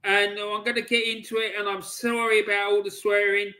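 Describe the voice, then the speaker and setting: Angry guy ranting about football, high bright voice, swearing and yelling. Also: level tone, brisk. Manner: furious, sweary, shouting bursts. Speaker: football channel host. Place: at home, stepped off camera.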